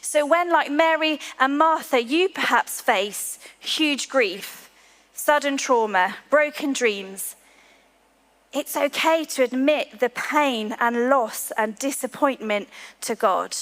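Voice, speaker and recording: A woman preaching a sermon to her church, earnest, slowing to a hushed voice on key lines. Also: high-pitched. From England. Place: large church hall. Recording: long hall reverb.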